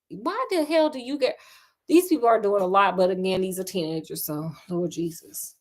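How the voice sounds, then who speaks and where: A woman's voice: medium pitch, moderate pace. Woman reading a story with sassy asides. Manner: sassy, laughing asides to listeners.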